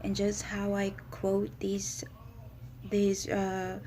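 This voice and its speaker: A woman speaking haltingly about her own writings and faith, often pausing and searching for words. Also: medium pitch, completely flat delivery, warm tone, a little hiss or hum. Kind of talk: personal spoken reflection on faith.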